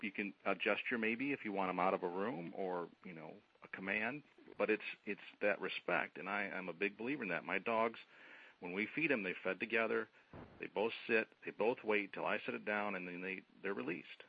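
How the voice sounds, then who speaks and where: Gravelly low-voiced man, hesitant. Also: fairly quick. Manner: hesitant, repeats words. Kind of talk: casual conversation. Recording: muffled lo-fi sound with faint noise.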